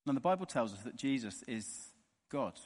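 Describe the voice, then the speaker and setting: A man preaching a sermon in an earnest way, dropping soft and slow on the key words. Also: medium pitch, animated, husky. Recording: long reverb of a large hall.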